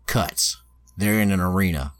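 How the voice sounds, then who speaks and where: A man's voice: sits low, normal speed, a bit bright. A man on a podcast, casually retelling an anime plot in a loose, profane way. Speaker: podcast host.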